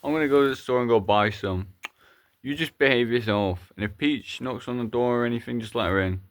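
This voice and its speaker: A man's voice: medium pitch, fairly quick. A man narrating a plush toy skit in a rambling, chatty way, with some swearing. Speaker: plush video creator.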